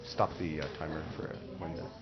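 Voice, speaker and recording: A man teaching a Spanish class, explaining slowly and repeating phrases for the students. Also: very deep voice, little pitch movement, highs cut off, over a noisy crowd. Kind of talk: classroom lesson.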